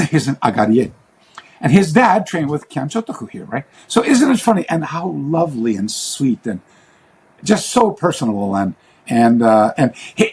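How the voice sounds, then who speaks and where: Male interviewee, karate teacher, husky voice, lively pitch, rambling anecdotal delivery. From Western. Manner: rambling, restarts, acts out quoted voices. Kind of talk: interview storytelling.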